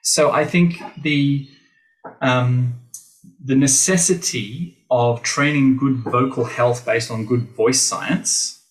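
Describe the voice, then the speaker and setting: Man, Australian accent, middle-aged, voice teacher, animated, jokes to listeners, podcast interview. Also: medium pitch, slow pace, low-quality recording. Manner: animated, playful asides to listeners. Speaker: guest, voice teacher.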